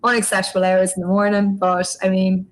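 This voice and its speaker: A woman's voice: mid-range voice, completely flat delivery, fairly quick, low-quality recording. An Irish woman talks through a whiskey tasting in an easy, chatty way, her explanations rambling along in long runs with plenty of fillers. She is heard over a video call. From Ireland. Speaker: guest whiskey ambassador. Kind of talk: livestream tasting chat.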